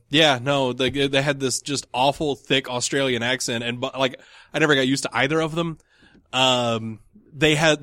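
A man's voice: medium pitch, fairly bright tone, no room sound, clean studio sound. Laughing man telling a rambling story. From American South. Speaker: podcast co-host. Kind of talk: casual chat.

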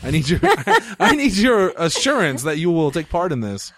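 A man's voice: fairly high pitch, wildly swooping pitch, normal speed, fairly bright tone, dry recording. A man hosting a casual group chat, eagerly rattling off titles to his friends. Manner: enthusiastic, rattles off movie titles.

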